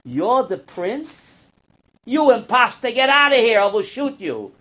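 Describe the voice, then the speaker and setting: A man acting out gruff palace guards who scorn and threaten a ragged beggar at the gate. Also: very high voice, sing-song, unhurried, fairly bright tone, full character voice. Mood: scornful.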